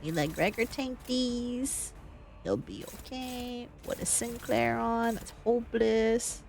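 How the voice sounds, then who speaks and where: A woman's voice: fairly high pitch, takes it slowly, gravelly, a little mellow, faint music behind. A woman streamer chatting casually over gameplay. She swears freely, laughs often and reads chat aloud.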